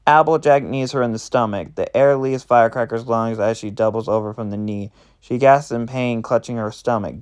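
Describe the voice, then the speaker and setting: A man narrating a roleplay aloud in a plain, steady reading voice. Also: medium pitch, normal speed, hardly any pauses, clear, resonant tone.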